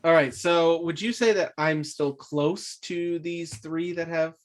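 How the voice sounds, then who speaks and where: A man playing a tabletop game, halting and hesitant, describing his character's moves. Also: on the high side, fairly even intonation. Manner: halting, hesitant, self-amused. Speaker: player. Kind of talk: casual tabletop play.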